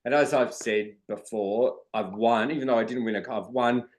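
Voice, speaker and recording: A man's voice: mid-range voice, fairly even intonation, normal speed. Earnest Australian man telling stories. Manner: earnest storytelling, acting out quoted dialogue. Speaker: guest, drag performer and dance teacher. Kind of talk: conversational podcast interview.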